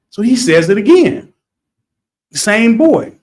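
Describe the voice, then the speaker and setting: A middle-aged man co-hosting a podcast, telling a story in a casual, animated way that turns loud as he retells it. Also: on the high side, normal speed. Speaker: podcast co-host.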